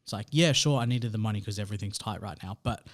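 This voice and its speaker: A man's voice: on the low side, quick pace, no room sound, studio quality. An Australian man co-hosting a casual podcast, laid-back and full of fillers as he reassures and shares his own story. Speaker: podcast co-host.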